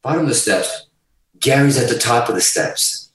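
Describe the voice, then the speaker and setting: A man telling a long story about his music career in a profane, animated way. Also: mid-range voice, moderate pace, heavy reverb, distant mic, poor audio. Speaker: guest musician. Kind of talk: casual storytelling.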